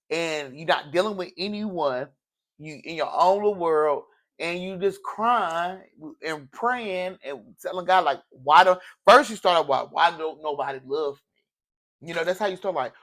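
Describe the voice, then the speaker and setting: Tarot reader, male, fairly high voice, preachy and emotional, repeats himself. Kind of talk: casual tarot reading.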